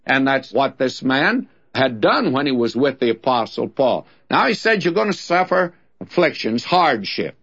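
A man's voice: medium pitch, sing-song, moderate pace, gravelly, hardly any pauses, fairly bright tone, slightly rough. An older man with a Southern US accent, teaching the Bible on the radio in a folksy, conversational way, telling stories as he goes. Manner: folksy, conversational preaching with storytelling. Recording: dull lo-fi old radio recording.

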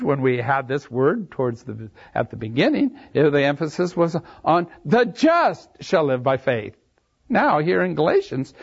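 A man's voice: fairly high pitch, a little mellow. A man preaching, reading scripture aloud and explaining it verse by verse, leaning hard on key phrases. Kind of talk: expository Bible teaching. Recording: dull lo-fi sermon recording.

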